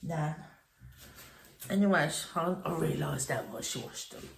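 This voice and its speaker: A woman's voice: sits low, animated, a little fast, creaky. A middle-aged woman chatting in a meandering, nostalgic storytelling way at home. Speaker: crochet vlogger. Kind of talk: rambling reminiscing chat. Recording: echoey room.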